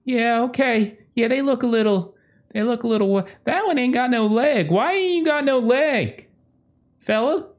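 A man puts on a slender woman with a country drawl, pitched well above his own voice. She sounds puzzled and folksy. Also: animated, moderate pace.

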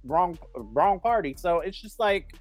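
Lively-pitched opinionated man chatting. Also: a little slow, soft background music. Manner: opinionated, emphatic. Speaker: podcast co-host. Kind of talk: casual chat.

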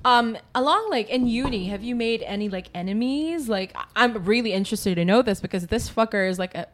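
A woman's voice: fairly high pitch, fairly quick. A young woman hosting a casual chat, teasing her guest and backing her up with short replies. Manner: chatty, backchannels a lot, teasing.

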